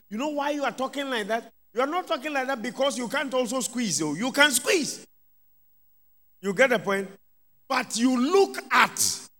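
Bishop preaching, fairly high male voice, slow deliberate delivery, long hall reverb. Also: a bit bright. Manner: emphatic preaching with call-outs of hallelujah and amen. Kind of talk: sermon.

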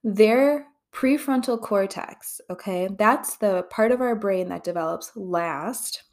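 A woman's voice: mid-range voice, slow, a little mellow. A woman therapist hosting her own podcast, talking candidly and conversationally, with frequent swearing. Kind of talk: casual podcast monologue.

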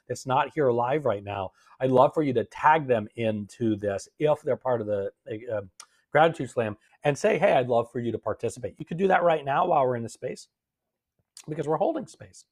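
Husky-voiced man coaching a live stream. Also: mid-range voice. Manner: gentle, coaching, reads viewer comments aloud and responds. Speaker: host of a live-streamed gratitude session.

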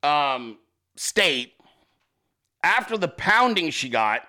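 A male host giving excitable, profane political commentary, laughing often as he talks. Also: on the high side, slow. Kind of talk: casual commentary.

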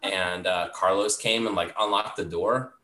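Low, bright-toned man, rambling casual storyteller, echoey room. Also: steady tone, normal speed. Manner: rambling, heavy on "like" fillers.

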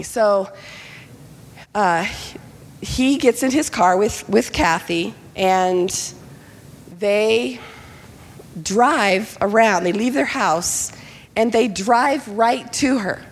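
A woman's voice: on the high side, a little slow. Woman pastor telling a story in a hall. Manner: animated, acts out quoted voices. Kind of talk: sermon storytelling. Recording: long hall reverb.

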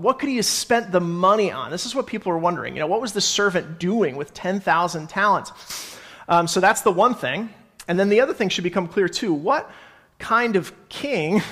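A young adult man with a high-pitched, slightly bright voice preaches a conversational sermon as pastor. He reads scripture aloud and pauses to explain it, correcting himself along the way.

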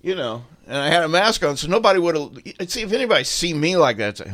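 Lively-voiced older radio host man. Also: medium pitch, a little fast. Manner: rambling, self-mocking, laughs often. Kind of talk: casual on-air chat.

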